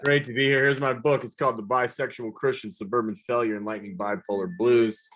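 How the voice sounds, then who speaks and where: A man doing a rambling, self-deprecating stand-up comedy set, now and then yelling high whoops. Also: steady tone, fairly quick, noisy background. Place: comedy show, live virtual audience.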